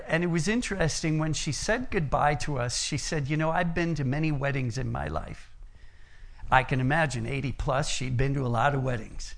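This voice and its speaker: A man's voice: a little high, vocal fry. A middle-aged American man preaching a sermon, telling personal stories in an earnest way. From United States. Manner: earnest storytelling, varies loudness and pace.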